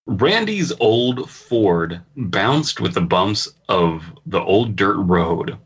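A man's voice: fairly low pitch, expressive, very slow, breathy edge. A man co-hosting a comedy podcast, reading a story aloud with crude, sardonic asides. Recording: dull lo-fi recording.

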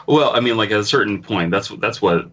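A man's voice: fairly low pitch, fairly quick, fairly bright tone. A man co-hosting a comedy podcast, reading a story aloud with crude, sardonic asides. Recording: dull lo-fi recording.

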